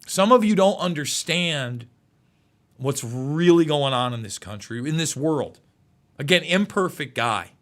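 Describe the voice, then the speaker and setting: An emotional male host talks through live news commentary, tripping over his words and repeating himself. His voice sits high and swings widely in pitch, with a bright, forceful edge. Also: lively intonation, unhurried.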